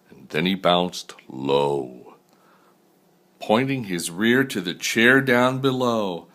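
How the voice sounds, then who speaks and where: Brief: grandfather reading a storybook, slow and low. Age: older. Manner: unhurried, expressive storybook reading. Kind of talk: reading a picture book aloud.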